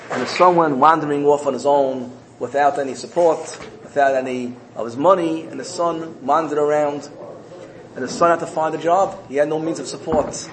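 Male rabbi, sermon storyteller, somewhat high voice, swings loud and soft. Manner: storytelling, rising and loud when quoting characters, soft and low for the lesson. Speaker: rabbi giving a talk. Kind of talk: sermon telling a parable.

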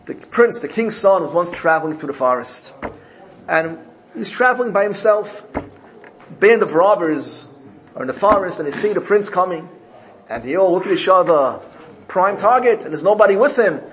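A man's voice: sits high, normal speed, a little hiss or hum, rough recording. A man teaching a Torah class, telling a parable. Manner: animated storyteller, voices characters in the parable. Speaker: rabbi.

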